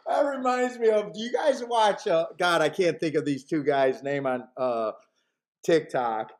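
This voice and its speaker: A man's voice: fairly high pitch, slow, pauses often. A man hosting a live horse racing handicapping stream, chatting casually, rambling, swearing and laughing often.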